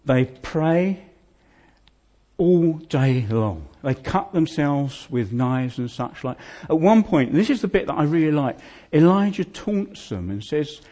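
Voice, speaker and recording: A man's voice: medium pitch, lively intonation, unhurried, dark tone. A man preaching a sermon, retelling a scripture story in a vivid, conversational way, often asking his listeners questions. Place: church hall.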